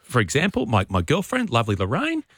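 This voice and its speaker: A man co-hosting a radio show, animated and self-mocking in casual banter. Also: medium pitch, fast talker, breathy edge, no room sound, studio quality. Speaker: radio co-host. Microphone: studio mic.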